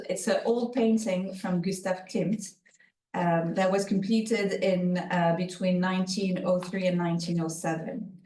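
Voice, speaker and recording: A woman lawyer with a French accent delivers a conference keynote in a lecture room, speaking carefully with many fillers and self-corrections. Her fairly low voice is a little mellow. The recording has slight hiss or hum, a roomy echo, and sounds far off.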